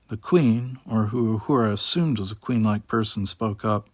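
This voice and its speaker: A man narrating a short science fiction story in a steady storytelling manner. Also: lowish voice, moderate pace, hardly any pauses, dry recording, clean studio sound. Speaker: audiobook narrator. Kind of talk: audiobook narration.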